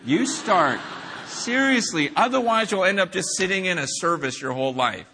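A middle-aged man preaching a sermon, telling a story with acted-out quotes that swing from hushed to shouting. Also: sits high, big pitch swings, fairly quick, a little hiss or hum. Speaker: pastor.

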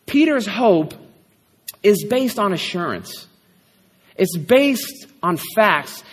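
A man preaching a sermon in a conversational, animated way, often checking in with a rhetorical "right?". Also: sits high, in a large hall.

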